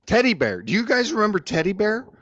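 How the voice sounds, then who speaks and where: A man's voice: high-pitched, sing-song, fast, fairly bright tone, no room sound, highs cut off. A man guest on a livestream panel, ranting angrily with lots of swearing and jeers. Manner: angry, profane, jeering rant. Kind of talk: heated livestream panel rant.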